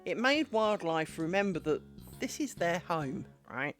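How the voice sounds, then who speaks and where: A woman chatting on a live craft stream, her low voice swooping up and down as she rambles through a story with plenty of fillers. She sounds casual and unscripted, with soft music playing quietly behind her. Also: big pitch swings, measured pace. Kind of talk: casual chat while making lace.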